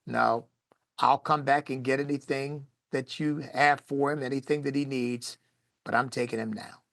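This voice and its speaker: Un hombre que interpreta a un padre severo y tranquilo, de voz baja y medida, con un timbre áspero y grave, grabado en un espacio seco y cercano, sin eco. Habla despacio y con firmeza, sin alzar nunca la voz. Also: male voice, steady tone, vocal fry, no echo, clean studio sound. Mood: firm, calm. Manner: low, quiet and measured. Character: stern calm father, firm and resolute.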